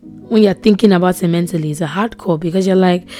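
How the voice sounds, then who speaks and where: Over soft background music, a young woman runs a devotional podcast, talking quickly in a fairly low voice. She is earnest, circles back to the same phrases, and whispers softly to emphasize things.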